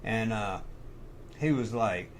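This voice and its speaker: A man's voice: fairly low pitch, takes it slowly, slight background noise. A middle-aged man hosting a live stream, casually telling rambling, profane anecdotes and correcting himself as he goes. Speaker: livestream host.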